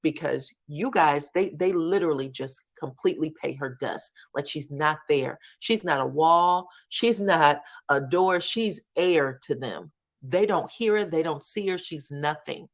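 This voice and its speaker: Woman, low pitch, casual commentary, animated, colloquial, reality TV recap. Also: unhurried. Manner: animated, colloquial storytelling that acts out the people she quotes.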